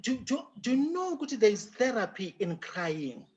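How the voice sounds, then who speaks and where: Emphatic South African man, high voice. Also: very animated, moderate pace, darkish tone, lo-fi sound. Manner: emphatic, mixes in Zulu phrases, laughs often. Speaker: guest speaker. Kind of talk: lecture answer, animated.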